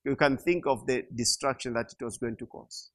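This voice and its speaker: A middle-aged man preaching a sermon, slow and emphatic, repeating key phrases and rising to loud peaks. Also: mid-range voice. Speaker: pastor.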